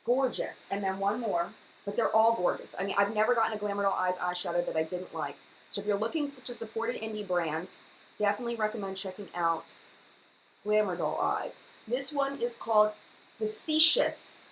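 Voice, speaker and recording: A woman's voice: medium pitch, brisk, a little hiss or hum, poor audio. A woman hosting a casual live-stream makeup chat, gushing and enthusiastic, often repeating herself. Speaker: beauty vlogger, live chat host.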